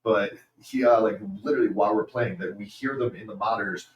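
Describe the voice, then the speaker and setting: A man in a band, telling lively stories in a casual interview. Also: on the low side, dull audio. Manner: animated storyteller, quick laughs. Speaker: band member. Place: venue after load-in. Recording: echoey room, distant mic, faint noise.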